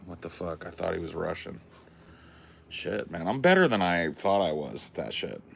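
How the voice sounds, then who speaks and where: A man's voice: low-pitched, lively intonation, moderate pace, creaky, slight background noise. A man co-hosting a podcast, bantering in a crude, joking, rambling way. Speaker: podcast co-host. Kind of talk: casual stoned banter.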